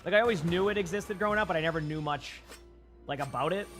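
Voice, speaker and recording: Over soft background music, a young man with a Boston accent rambles casually on a live stream, playing and chatting with viewers through a headset mic. His voice sits on the high side, quick and a bit bright.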